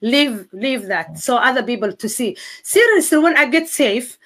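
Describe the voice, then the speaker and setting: High-voiced Somali-accented woman. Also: expressive, a bit bright. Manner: earnest, halting with restarts and broken grammar. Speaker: guest sharing testimony. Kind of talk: emotional personal testimony.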